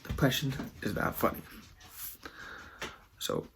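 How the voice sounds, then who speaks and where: A man's voice: slow pace, background noise. A man speaking in an earnest, heartfelt and loosely rambling way in a casual video monologue. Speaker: vlogger.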